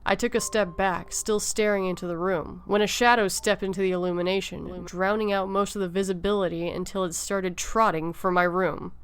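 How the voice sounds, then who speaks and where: A woman narrating a first-person horror story in a steady, measured way. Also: medium pitch, clean tone. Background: soft background music.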